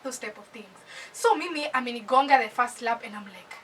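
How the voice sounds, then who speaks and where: Young woman, Kenyan accent, high bright voice, animated storytime, faint background noise. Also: fast talker, far from the mic, low-quality recording. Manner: animated, switches between English and Swahili slang. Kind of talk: casual storytime monologue.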